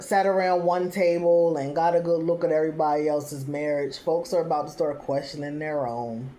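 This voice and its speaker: Host woman, slightly low voice, casual sassy recap chat, animated quotes and slang. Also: slight background noise. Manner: chatty, laughs often, acts out quoted lines; uses casual slang like "child" and "y'all".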